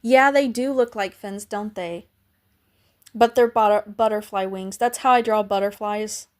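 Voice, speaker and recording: A woman's voice: medium pitch, measured pace. A young adult woman hosting a casual livestream, chatting and thanking viewers by name, her voice cracking now and then. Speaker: livestream host.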